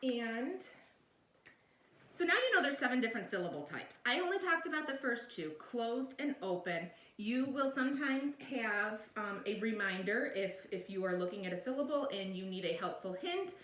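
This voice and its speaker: A woman's voice: a little high, animated, moderate pace, fairly bright tone, distant mic. A woman teacher giving a recorded video lesson, explaining patiently step by step and often checking in with "all right?". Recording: echoey room, voice a bit off-mic.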